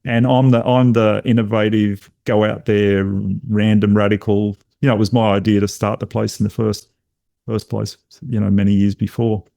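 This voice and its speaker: A middle-aged man, a podcast guest telling a personal story in a lively way and acting out what others said. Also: lowish voice, moderate pace, gravelly, no room sound, clean studio sound. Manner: animated storyteller who acts out other people's lines. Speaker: podcast guest, intuition coach.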